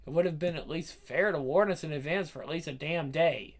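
A man's voice: a little high, fairly quick, voice pushed up. A man voicing a grumpy young adult daughter who complains sarcastically. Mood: sarcastic.

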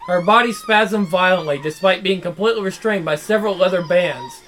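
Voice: mid-range voice, brisk, fairly bright tone, a little hiss or hum. A reader narrating a horror visual novel aloud, dramatic and broken by nervous laughs.

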